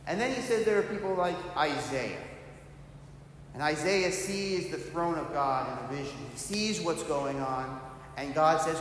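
A man's voice: on the high side, a little slow. A middle-aged man, a priest, preaching a sermon in a storytelling manner and acting out the voices of the people he quotes. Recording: very echoey church hall, long reverb, faint noise.

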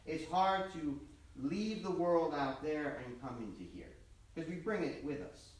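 A man's voice: on the high side, animated, a little slow. A man preaching as a priest, telling stories and repeating his points in a plain, conversational way. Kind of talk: sermon with storytelling. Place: large church. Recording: very echoey church from far off.

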